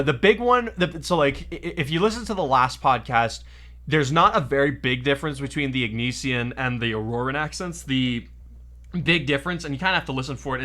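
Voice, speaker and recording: Bright sounding guy rambling on a podcast, keeps correcting himself. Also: mid-range voice. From New Mexico, US. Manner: rambling, self-correcting explainer. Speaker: podcast host and audio drama narrator. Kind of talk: casual podcast chat.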